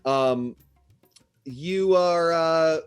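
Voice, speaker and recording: A man's voice: fairly high pitch, drawn-out words, smooth, faint music behind. A man narrating as game master, chatty and playful.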